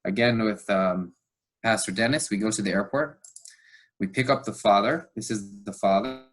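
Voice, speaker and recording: Man, husky, low-pitched, podcast guest, animated storytelling, fillers. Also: normal speed. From United States. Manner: animated retelling with acted quotes, fillers. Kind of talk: storytelling interview.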